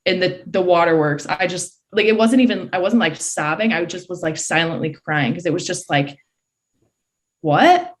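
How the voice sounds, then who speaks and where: A woman in her early twenties from Michigan, a guest excitedly retelling a race in a casual voice full of "like" fillers. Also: on the low side, fairly quick, few pauses. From Michigan, USA. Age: early 20s. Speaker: podcast guest, college swimmer. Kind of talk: casual storytelling.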